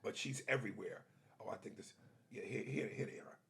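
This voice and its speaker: Raspy man on a podcast going off on a comedy rant, gravelly and bright, animated. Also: fairly low pitch, a little fast. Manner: animated, slips into mocking impressions. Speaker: podcast co-host.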